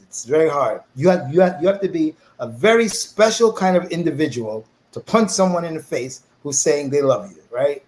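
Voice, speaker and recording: A man's voice: on the high side, moderate pace, few pauses, poor audio. A middle-aged man, telling his life story as an interview guest and acting out the voices of people he quotes. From New York, USA. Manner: animated storyteller who acts out quoted voices.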